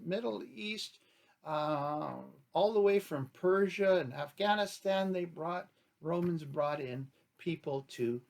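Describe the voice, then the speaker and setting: A man's voice: on the high side, creaky, a little mellow. A man giving an unscripted talk as a chief, rambling and argumentative, posing rhetorical questions and acting out imagined exchanges. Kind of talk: unscripted spoken commentary.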